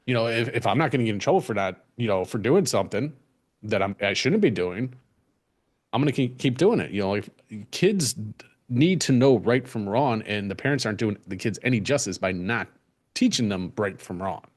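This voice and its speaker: Low-voiced laid-back podcast man. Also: animated, a little fast. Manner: laid-back, profane, agreeable. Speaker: podcast co-host. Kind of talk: casual crude podcast banter.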